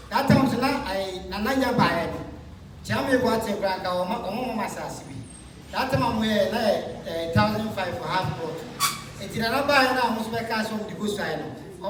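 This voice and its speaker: Interviewee telling a long personal account with quoted lines, recorded far off in a very echoey noisy room. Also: medium pitch. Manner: retells past talks with quoted dialogue. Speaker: interviewee recounting events. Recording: very echoey room, distant mic, noisy ambience.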